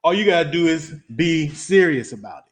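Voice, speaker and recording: A man's voice: fairly high pitch, sing-song, moderate pace. A man teaching a Bible study to a small group, talking conversationally and repeating words as he builds emphasis.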